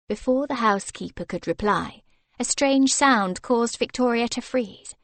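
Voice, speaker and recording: A woman narrating an audiobook in a measured, expressive manner. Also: a little high, no room sound. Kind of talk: scripted narration.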